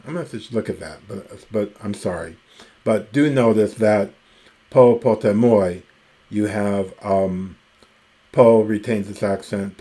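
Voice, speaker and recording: A man lecturing on ancient Greek in an unhurried recorded lesson. His voice is fairly low and mellow. He pauses with fillers and corrects himself as he works through each example. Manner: slow, thinking aloud with fillers and self-corrections. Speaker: Greek teacher.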